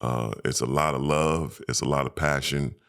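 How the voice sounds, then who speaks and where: A man, a former pro basketball player, telling emotional, animated stories as a podcast guest and acting out quoted voices. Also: a bass voice, normal speed, creaky. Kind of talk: casual storytelling interview.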